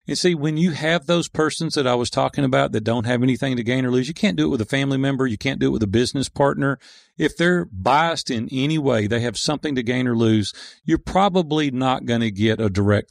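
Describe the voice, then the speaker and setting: A man's voice: medium pitch, gravelly, no echo, clean studio sound. A middle-aged man, an entrepreneur and author, talking earnestly in a conversational interview and acting out quotes as he tells stories. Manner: earnest, animated storytelling with acted quotes.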